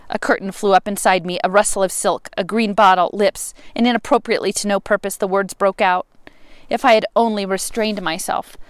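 A woman reading a novel aloud, expressive, with sudden rises and emphatic words. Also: medium pitch, fairly quick, smooth, no echo. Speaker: reader.

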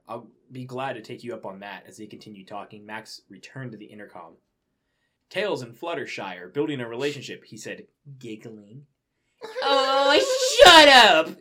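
A young man reads fan fiction aloud and keeps breaking off for disbelieving asides. His voice sits in an ordinary middle pitch, and his delivery is loose, amused and unpolished. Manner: laughing, incredulous asides. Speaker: reader.

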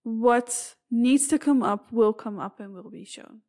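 A woman's voice: on the high side, unhurried, dark tone. A woman hosting her own podcast, talking earnestly and a little meanderingly, with many fillers and restarts. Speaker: shaman podcast host. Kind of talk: solo podcast monologue.

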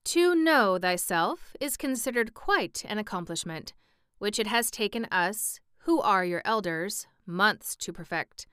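A woman voicing a kind, wise male scarecrow in a storybook reading, measured and gentle. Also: medium pitch, lively intonation, clean tone, no echo, studio quality. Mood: kindly. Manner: kindly, measured. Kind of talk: audiobook reading.

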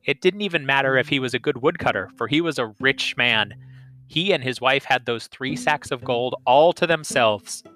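A man's voice: mid-range voice, normal speed, sharp tone. A man telling a folk tale aloud as the host of a storytelling podcast, reading evenly and expressively. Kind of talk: storytelling narration.

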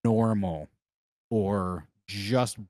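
A man's voice: lowish voice, very slow, a little mellow, no room sound, studio quality. A man co-hosting a podcast, telling a loose, rambling story with lots of laughter. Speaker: podcast co-host. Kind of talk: casual storytelling chat.

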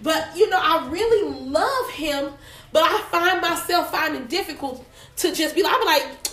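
A woman with a Detroit accent co-hosting a podcast, talking in a playful, expressive, slangy way and often asking "you know what I'm saying?". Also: very high-pitched, moderate pace, reverberant. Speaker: podcast co-host. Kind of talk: casual podcast chat.

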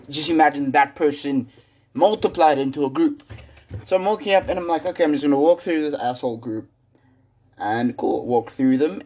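A man's voice: mid-range voice, a little mellow. A young man in his teens telling a story in a rambling, slangy way with lots of fillers. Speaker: vlogger. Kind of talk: casual storytelling.

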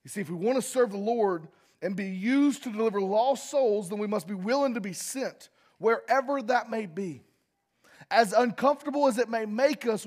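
High-voiced man preaching with passion. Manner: impassioned preaching with sharp swings in loudness; addresses the congregation directly. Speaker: pastor. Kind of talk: sermon.

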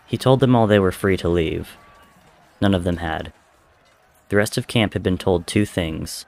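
Deep-voiced man reading a story. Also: moderate pace, creaky, long pauses, darkish tone. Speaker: narrator.

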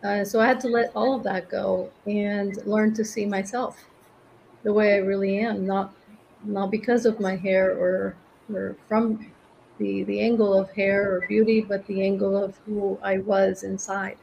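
A middle-aged woman from Venezuela, a guest speaking in an interview in a reflective, gentle way. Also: mid-range voice, level tone, unhurried, creaky, slight background noise, poor audio. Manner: reflective, gentle, laughs often. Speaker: guest, cancer survivor and author. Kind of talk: interview conversation.

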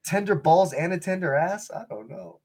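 A man's voice: high voice, normal speed, darkish tone. Crude, laughing podcast man. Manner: crude joking, laughs often. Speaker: podcast co-host. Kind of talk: casual chat.

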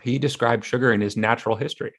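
A man's voice: medium pitch, fairly even intonation, quick pace. A man co-hosting a podcast, bantering casually through a game and often groaning and sighing in exasperation. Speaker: podcast co-host.

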